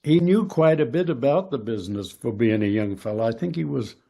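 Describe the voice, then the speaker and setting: A man's voice: medium pitch, expressive, fairly quick, vocal fry, warm tone. An older man, a retired wrestler, telling road stories as an interview guest, rambling with many fillers. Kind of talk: casual storytelling interview.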